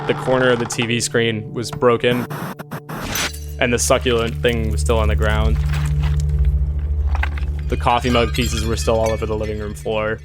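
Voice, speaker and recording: A man's voice: fairly low pitch, little pitch movement, normal speed, long pauses. Rambling man telling an eerie tale over music. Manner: rambling and shaken, full of "like" fillers and swearing. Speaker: storyteller recounting a personal encounter. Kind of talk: casual spoken storytelling. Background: eerie music bed.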